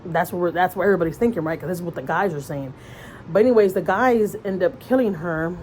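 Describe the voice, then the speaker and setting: A woman vlogger with a fairly low voice tells a long story to her camera. Her delivery is casual and rambling, with lots of fillers and restarts. She sounds earnest and conversational throughout. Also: fast talker, a little mellow, a little hiss or hum, poor audio. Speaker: mother vlogger.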